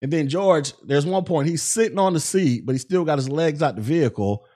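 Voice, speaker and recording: A man's voice: a little high, fairly quick, warm tone. A man hosting a podcast, recounting events in casual commentary with lots of fillers. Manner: conversational, recounts events with many fillers and acted-out quotes. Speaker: podcast host.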